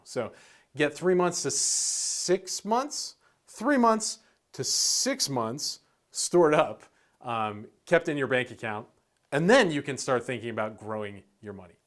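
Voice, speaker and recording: A man hosting an investing channel, explaining in a casual, chatty way with lots of "um" and the odd "dude", sometimes acting out nervous investors. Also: mid-range voice. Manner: laid-back, chatty, uses "um" and "dude"; acts out worried investors in lively asides.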